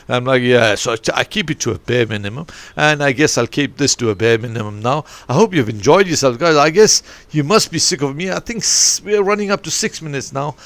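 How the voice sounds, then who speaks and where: A man's voice: fairly high pitch, a little fast, dry recording. A middle-aged man, a football coach, hosting a rambling solo podcast from his bedroom with no proper studio, wandering off topic and swearing mildly as he talks. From Zambia. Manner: digressive, animated, mildly swearing. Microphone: home setup, no studio.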